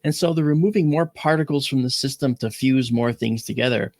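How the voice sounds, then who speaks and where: A man's voice: medium pitch, brisk, darkish tone, no echo. A man hosting an astronomy show, explaining in a casual way with analogies and frequent check-ins. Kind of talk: casual educational talk.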